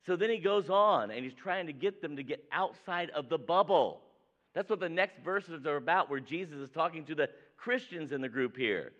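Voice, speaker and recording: A man's voice: a little high, lively intonation, normal speed, a bit bright. A man preaching a sermon to a congregation. He reads scripture aloud, keeps asking the listeners "right?", and acts out the people he quotes. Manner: conversational, asks "right?" often, acts out quoted voices. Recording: dull lo-fi recording.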